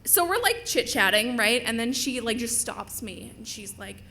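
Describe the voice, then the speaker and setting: Young woman storyteller, live stage, chatty, with a bright, lively delivery. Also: fairly high pitch, normal speed, a little hiss or hum. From Minnesota. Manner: chatty, animated, lots of "like". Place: stage before a live audience.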